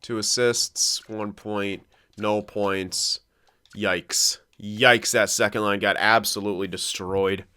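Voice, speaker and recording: A young man casually commentating his own hockey game, excitable, thinking aloud and swearing often. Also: on the low side, slow, clean tone. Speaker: gaming commentator.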